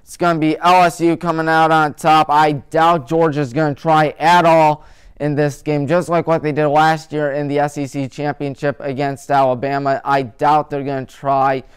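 A man's voice: on the high side, level tone, normal speed, clean tone. A male sports talk show host rattling off his weekly game picks in a joking, opinionated way, with mocking nicknames for teams.

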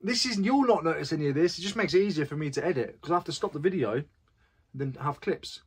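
A man's voice: a little high, expressive, fast talker, slightly rough. A chatty man talking straight to his viewers in a casual vlog, poking fun at himself as he goes. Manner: chatty, self-deprecating, talks to viewers directly. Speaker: reseller vlogger.

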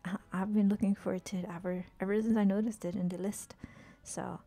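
A woman's voice: mid-range voice, fairly even intonation, brisk, dark tone. A woman chatting casually while streaming a game, swearing freely, talking to game characters and often dropping to a whisper. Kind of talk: casual live-stream chat while gaming.

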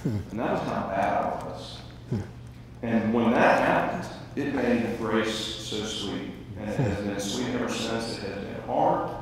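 A man's voice: fairly low pitch, measured pace, a little hiss or hum. A man on a conference panel, sharing his testimony in a candid, reflective way. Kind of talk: personal testimony. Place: large conference hall. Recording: distant voice in echoey hall.

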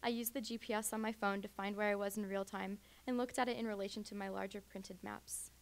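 A woman's voice: medium pitch, fairly even intonation, brisk. A young adult woman reading her first-person story aloud at a graduate student reading.

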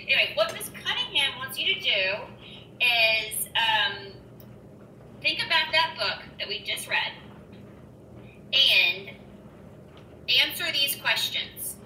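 A woman reading a children's picture book aloud with expressive storytelling. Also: on the high side, takes it slowly, long pauses, slight background noise. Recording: roomy room, mic at a distance.

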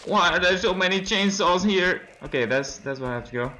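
A man's voice: high voice, expressive, fairly quick, pushed and bright. A young man commenting on a horror game as he plays it, nervous, laughing from fright and breaking into yelps and screams. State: hoarse from screaming. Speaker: let's play gamer.

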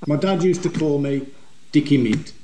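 Older bloke with a west midlands accent, jokey rambling chat, bit higher voice, echoey room. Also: male voice, normal speed, noisy background. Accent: West Midlands English. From West Midlands, England. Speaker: interviewee, motovlog group member. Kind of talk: casual chat.

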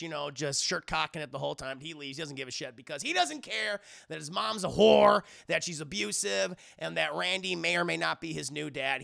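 A man's voice: high-pitched, vocal fry, sharp tone. A man recapping an episode to a live chat in a rambling, profane style. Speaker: online reviewer.

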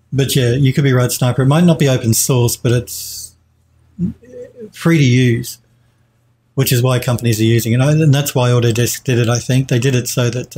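A man's voice: mid-range voice, warm tone, slight background noise. A man streaming a live 3D modelling tutorial, thinking aloud as he works, hesitating and correcting himself while he answers chat.

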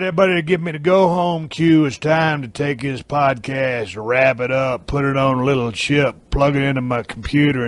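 A man's voice: medium pitch, fairly bright tone, dry recording. A man, hosting a podcast and telling a profane comic tale in a brash, swearing style. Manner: brash and swearing, with drawled emphasis. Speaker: podcast host. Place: camper trailer.

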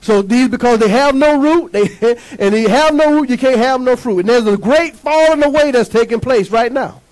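A male pastor with a strikingly high voice preaches with fervor, firing questions at the congregation and waiting for them to answer. His delivery is emphatic, rhythmic and full of call-and-response. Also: moderate pace, darkish tone, rough recording. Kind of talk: sermon.

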